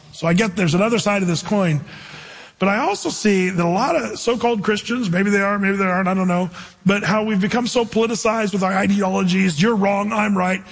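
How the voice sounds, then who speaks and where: A male pastor preaching a sermon in a lively, conversational way, with jokey asides. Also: high voice, breathy edge, long reverb tail.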